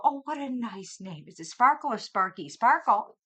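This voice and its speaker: A woman's voice: on the high side, moderate pace. A middle-aged woman chatting casually on a live stream, bubbly and talkative, greeting viewers one after another. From Minnesota. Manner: bubbly, chatty, greets viewers by name with lively swings in loudness.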